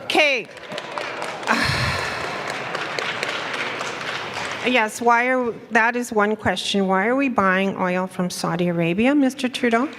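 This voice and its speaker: A woman's voice: fairly high pitch, normal speed, hardly any pauses, a bit bright, long reverb tail, some chatter behind, a little hiss or hum. A woman in the audience asking questions in an angry, accusing way with exasperated sighs.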